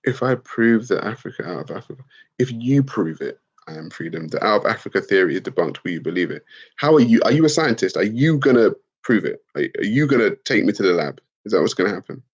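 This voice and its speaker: A young man on a livestream talks fast in a husky, sing-song voice on the low side. He reads out comments from viewers in a loose, slangy way, laughing at them and swearing now and then. The audio is dull and lo-fi.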